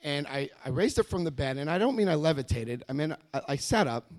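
A man giving a personal testimony at a recovery meeting, telling his story with animated energy and acting out what people said. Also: fairly high pitch, a little fast. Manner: animated storytelling, acts out quoted voices. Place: meeting room before a live audience.

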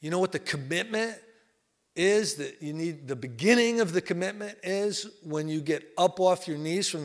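A middle-aged man giving an informal, plain-spoken talk to a recovery group, folksy with many fillers. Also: high voice. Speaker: recovery meeting speaker.

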